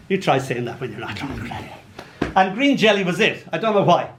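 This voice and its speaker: At a fairly quick clip and fairly high pitch, an Irish man in his sixties, a poet, delivers playful stories and animated comic asides between his poems. The live reading happens before an audience in an arts venue hall, recorded with a roomy feel and faint background noise.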